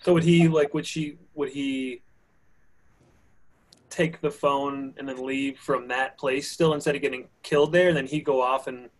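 A man co-writing in a casual chat, asking halting, tentative questions. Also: mid-range voice, fairly even intonation, rough recording.

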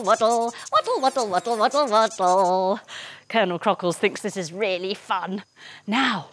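A woman with a slightly high voice leads a children's yoga lesson framed as a story, working as a kids' yoga teacher and storyteller. Her delivery is bubbly, encouraging and sing-song. There's no room sound.

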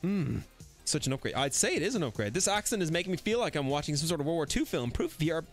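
A man's voice: fairly high pitch, very animated, quick pace, faint music behind. Playful, crude male game streamer. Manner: crude, playful banter with chat. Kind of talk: live VR gameplay stream chat.

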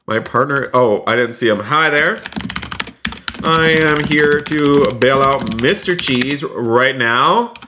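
An eager man commentates his game stream in a voice of ordinary pitch. He narrates every move to his viewers with constant exclamations and says many lines twice. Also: slow, noisy background. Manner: repeats phrases, keeps saying "you guys". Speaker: streamer playing a roleplay game.

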